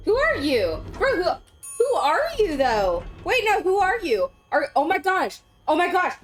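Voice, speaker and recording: A woman streaming a game in casual commentary, excitable, with gasping outbursts that drop into mutters. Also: very high-pitched, a little slow, soft background music. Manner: excitable, gasping exclamations, swings between loud outbursts and mutters. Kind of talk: casual let's-play commentary.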